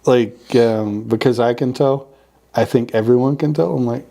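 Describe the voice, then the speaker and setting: A man's voice: medium pitch, moderate pace, gravelly, dark tone. An older man with a Massachusetts accent, hosting a casual podcast chat and rambling with many fillers. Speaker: podcast host.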